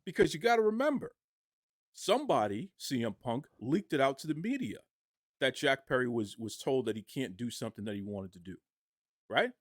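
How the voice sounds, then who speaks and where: A man giving impassioned podcast commentary, arguing forcefully and firing off rhetorical questions. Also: mid-range voice, sing-song, a little fast, dry recording, clean studio sound.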